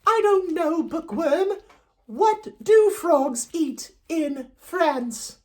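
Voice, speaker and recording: A woman voicing a high singsong puppet girl. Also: animated, extremely slow, heavily acted. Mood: teasing. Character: cheerful joke-telling puppet girl. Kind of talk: children's puppet show.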